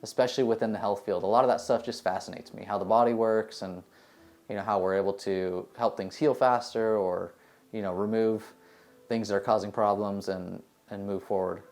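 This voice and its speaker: A man from the United States, a dentist, answering interview questions in a relaxed, rambling way with many fillers. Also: on the low side, moderate pace. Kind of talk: casual interview answers, storytelling.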